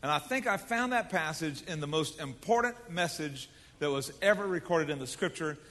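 A man's voice: on the high side, expressive, normal speed, fairly bright tone. A middle-aged man preaching a sermon to his congregation, folksy and emphatic, leading them in call-and-response. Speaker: pastor. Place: large church sanctuary. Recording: long hall reverb.

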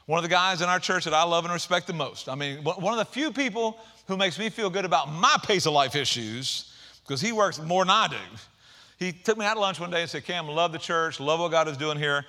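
A male pastor preaches with a bright, ringing tone that climbs at his high points. His talk is lively and folksy, full of asides to the congregation. He leans a little high for a man. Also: brisk. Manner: animated preaching with folksy asides and rising emphasis. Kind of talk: sermon.

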